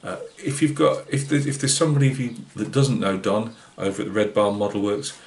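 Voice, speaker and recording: A man's voice: lowish voice, a little fast. A British man with a Northeast English accent, hosting a scale-modelling channel in casual, rambling vlog chat full of fillers and restarts. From Britain. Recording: roomy echoey room.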